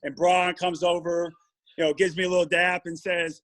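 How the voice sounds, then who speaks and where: A former pro basketball player telling a story on a sports talk podcast, acting out what teammates said. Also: male voice, high-pitched, moderate pace. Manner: animated anecdote-telling with quoted dialogue.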